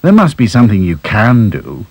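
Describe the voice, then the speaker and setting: A man voicing a bossy, brisk female rag doll in a storybook cartoon. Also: lowish voice, wildly swooping pitch, no room sound.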